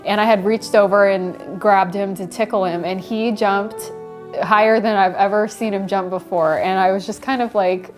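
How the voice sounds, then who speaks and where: A woman's voice: mid-range voice, fairly even intonation, normal speed, soft background music. A woman chatting casually about her engagement, laughing lightly between phrases with many ums and likes. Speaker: bride telling how she was proposed to. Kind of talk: casual personal storytelling to camera.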